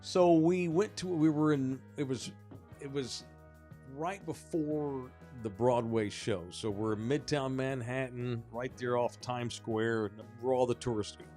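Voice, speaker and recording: Profane, animated male storyteller. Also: medium pitch, unhurried, faint music behind. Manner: animated, profane, rising when excited. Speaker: podcast co-host. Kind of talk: casual storytelling.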